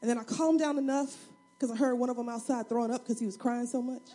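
A woman preaching a sermon, telling a personal story in an animated, humorous way that swings between loud and soft. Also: fairly high pitch, fast. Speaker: single mother of two.

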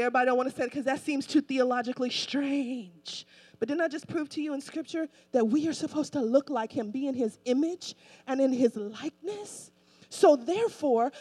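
Woman preacher, high-pitched, casual but forceful delivery, hammers lines by repetition. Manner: emphatic, repetitive, colloquial preaching. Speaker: pastor. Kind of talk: sermon.

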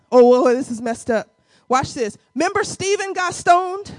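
High-voiced woman preaching with fervor. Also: lively intonation, normal speed, no room sound. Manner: swings from quiet teaching to shouted, crying exhortation; colloquial, addresses congregation as y'all. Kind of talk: sermon.

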